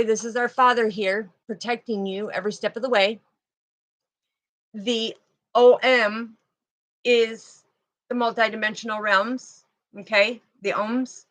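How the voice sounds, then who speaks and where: A woman with a slightly high voice reads oracle cards live for her online viewers. She speaks slowly and meanders from point to point in a casual, chatty way, talking to them as if they were right there. Her delivery is unhurried and personal. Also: a bit bright, rough recording. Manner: slow, meandering, chatty, talks to viewers and a fly. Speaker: spiritual card reader. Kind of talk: live oracle card reading.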